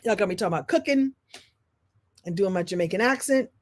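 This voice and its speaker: Animated woman coaching on a live stream. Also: fast talker, a little hiss or hum. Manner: expressive, shifts from loud and high to soft and low, laughs; repeats phrases for emphasis. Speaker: speaker and business coach.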